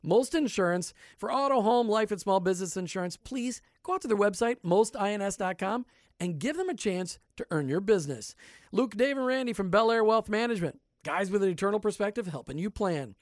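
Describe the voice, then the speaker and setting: A man's voice: high voice, lively intonation, fairly quick, dry recording. A man co-hosting a faith and business radio show, joking and rambling in casual studio chat. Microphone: studio microphone.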